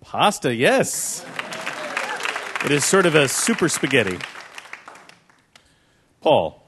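Deadpan man quizzing contestants live. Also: slow, crowd noise, background noise. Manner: dry, deadpan joking with lively pitch swings. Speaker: co-host and musician running a quiz game. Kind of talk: live quiz show banter before an audience. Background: audience laughter.

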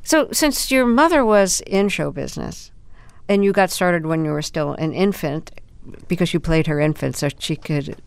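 A woman hosting a radio interview, asking measured, curious questions. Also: deep voice, expressive, vocal fry, clear, resonant tone, dry recording. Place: radio studio. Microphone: studio microphone.

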